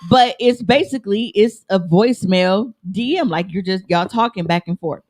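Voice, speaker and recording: A woman's voice: medium pitch, normal speed, darkish tone. A woman co-hosting a podcast, telling a story in casual chat with frequent laughs. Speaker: podcast co-host.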